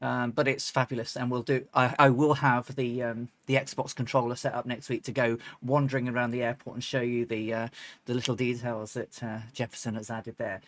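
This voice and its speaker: A woman with a very deep voice and a flat, brisk delivery chats casually while live-streaming a flight simulator, with no echo in the recording. She rambles through plenty of ums and restarts, now and then bursting into laughs and chants.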